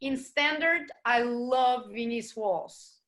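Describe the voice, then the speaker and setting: A woman ballroom dancer and teacher telling stories in an interview, animated and expressive and sometimes searching for words. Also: on the high side, slow. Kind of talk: interview storytelling.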